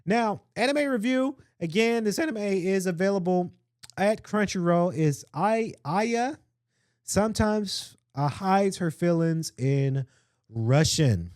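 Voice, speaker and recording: A man's voice: high-pitched, animated, slow pace, a little mellow, dry recording, clean studio sound. A man hosting a casual solo podcast, rambling and chatty, with lots of fillers and restarts. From Atlanta area, US. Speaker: podcast host.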